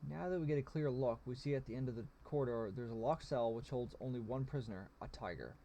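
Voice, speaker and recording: Role: story game reader. Sex: man. Style: casual narration. Pitch: medium. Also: fast, mellow, a little hiss or hum. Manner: casual reading with asides. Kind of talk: narrating a text adventure.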